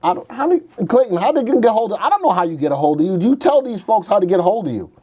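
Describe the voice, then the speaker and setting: Animated, joking male market host. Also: high voice, racing, husky. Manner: animated, joking, thinks aloud while reading charts. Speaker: stock market show host. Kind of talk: casual livestream market commentary.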